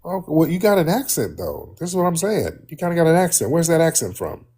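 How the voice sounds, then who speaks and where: A husky-voiced man hosts a casual live stream, his pitch bouncing all over as he teases and needles a caller. He is brash and confrontational, pressing his point without letup. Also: very animated, a little fast, warm tone. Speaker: livestream host. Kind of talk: casual livestream chat.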